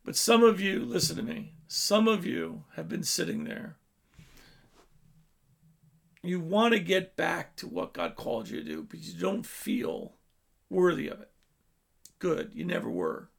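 A man preaching a sermon, telling a story with his voice swelling loud and dropping low. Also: lively intonation, measured pace, creaky, long pauses.

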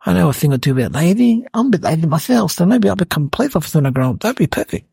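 A man playing a cheeky, indignant eight-year-old boy, telling a rambling comic story in a gravelly voice. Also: on the high side, big pitch swings, very fast, warm tone, no echo, heavily acted. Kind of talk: comic character monologue.

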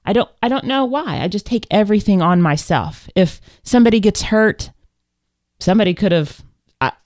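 A woman co-hosting a casual live talk show, telling stories in an animated, candid and self-reflective way. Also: mid-range voice, moderate pace, no room sound, clean studio sound. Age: adult with children. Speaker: podcast co-host. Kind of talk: casual chat.

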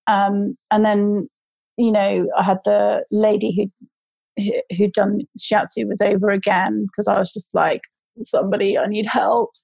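A woman's voice: medium pitch, level tone, a little slow, gravelly, darkish tone, no room sound, rough recording. A woman casually telling a long personal story, with many fillers and restarts. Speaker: guest telling her birth story.

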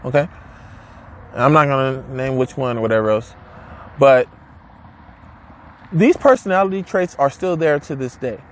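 A man's voice: medium pitch, lively intonation, moderate pace, long pauses, slight background noise. A man giving an emphatic, casual motivational talk to camera, repeating his points and asking rhetorical questions, with blunt wording. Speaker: motivational speaker.

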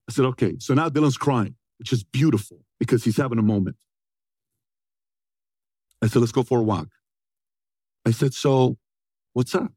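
A man's voice: medium pitch, moderate pace, pauses often, slightly rough, dry recording. Punchy forties guy telling a story to a crowd, dry close mic. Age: 40s. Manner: energetic, punchy, asks the audience questions. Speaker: motivational speaker. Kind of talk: storytelling talk to an audience.

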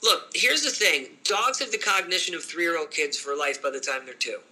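A man's voice: normal speed, poor audio. A dog trainer, a man, talking casually and emphatically about dog training. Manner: animated, emphatic, switches into high voices for quoted people. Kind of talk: casual podcast chat.

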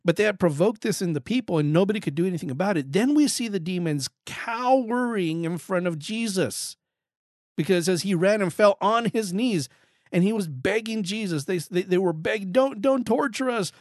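Man, bible teacher, higher-pitched voice, earnest, emphatic, dry close sound. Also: normal speed, dry recording. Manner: earnest, emphatic, repeats words when stressing a point. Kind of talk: Bible study teaching talk.

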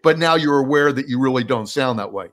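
A man's voice: medium pitch, fairly quick, fairly bright tone. A man who works as a coach, giving earnest advice in a casual panel chat with self-deprecating humor.

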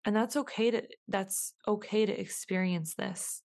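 A woman talks through a reflective solo podcast monologue at a middle pitch, musing and circling back over the same questions. Her delivery is unhurried and self-questioning. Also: steady tone, gravelly, a little mellow. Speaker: podcast host.

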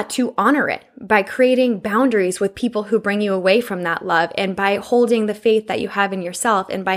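A woman in her twenties hosting a podcast, talking in a casual, profane, effusive way about self-love, a little out of breath. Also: mid-range voice. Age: 20s. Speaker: podcast host. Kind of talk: casual self-help monologue.

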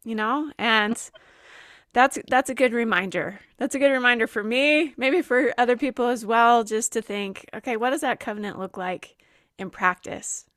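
A woman hosting a podcast interview, reflective and quick to laugh. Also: a little high, fairly bright tone, no room sound, studio quality. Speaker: podcast host. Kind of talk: casual interview.

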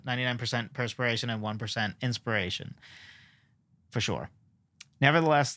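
A man's voice: mid-range voice, fairly bright tone, dry recording. Guy rambling on his podcast, lots of uhs, mid voice, dead dry mic. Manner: rambling, self-deprecating, frequent fillers. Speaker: podcast host. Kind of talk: casual solo podcast talk.

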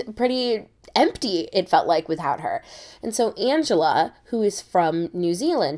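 A young American woman hosting a podcast, telling a travel story in an animated way with many quick restarts. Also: medium pitch. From United States. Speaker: podcast host. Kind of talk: casual storytelling.

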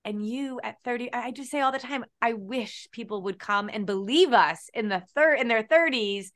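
Upbeat lady host, super bright voice, cheering her guest on. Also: on the high side, moderate pace. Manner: enthusiastic, encouraging interviewer. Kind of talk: casual interview chat.

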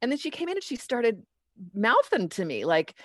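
A woman's voice: fairly high pitch, huge pitch swings, normal speed, no room sound, studio quality. A middle-aged woman who teaches parenting, chatting casually and acting out her own lines and her child's as she tells a story. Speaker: parenting educator. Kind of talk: casual chat.

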